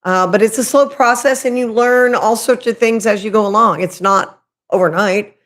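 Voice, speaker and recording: A woman hosting a casual spiritual livestream, talking loudly and candidly, rambling and restarting her sentences and swearing casually. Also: fairly high pitch, normal speed. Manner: loud, chatty, rambling with frequent restarts. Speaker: livestream host.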